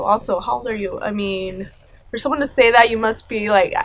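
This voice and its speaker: A commentary YouTuber in her thirties speaks a little fast in a voice on the high side. Her commentary is casual and sarcastic, with frequent laughter and lots of "like" and "you know."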